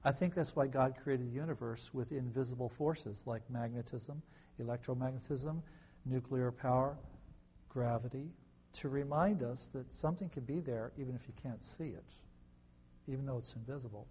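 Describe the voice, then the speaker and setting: A man giving conversational Bible teaching, firing rhetorical questions at listeners with wry, sarcastic asides and swinging between soft and loud delivery. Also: medium pitch, normal speed, slight background noise. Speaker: pastor.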